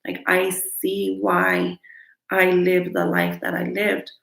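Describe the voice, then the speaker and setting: A woman with a low, gravelly voice speaks candidly to her viewers, giving motivational self-help advice. Her tone is earnest and frank. The sound carries a noticeable room echo. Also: monotone, takes it slowly, fairly bright tone. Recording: echoey room.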